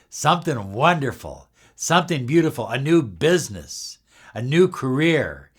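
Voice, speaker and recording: A middle-aged man calmly demonstrating and explaining a spiritual ritual step by step, sometimes dropping to a soft, hushed voice. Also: medium pitch. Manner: calm, measured, drops to a soft near-whisper while demonstrating. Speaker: spiritual teacher.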